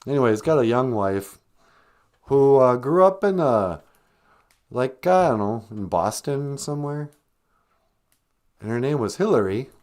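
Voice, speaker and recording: Comic podcast host, male, meandering and dry, very animated pitch. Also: measured pace, pauses often. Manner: deadpan, sarcastic, meandering. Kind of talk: rambling comic podcast talk.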